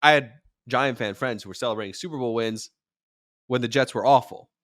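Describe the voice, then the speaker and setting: Male sports show host, mid-range voice, dry close sound; casual, animated, gets loud on quoted lines. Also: mid-range voice, fairly quick, dry recording. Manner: animated, rising to near-shouts when acting out quotes. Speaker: podcast host and sports radio commentator.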